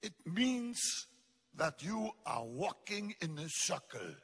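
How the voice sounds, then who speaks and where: A male preacher delivering a fervent sermon, exhorting his listeners and shouting out lines. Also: on the high side, big pitch swings, slow, breathy edge, long reverb tail. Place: large church hall.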